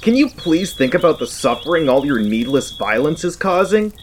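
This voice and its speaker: Woman doing a chill hippie radio DJ girl, all far-out slang, lively voice. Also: low voice, moderate pace, a little hiss or hum. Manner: groovy hippie slang, drawling.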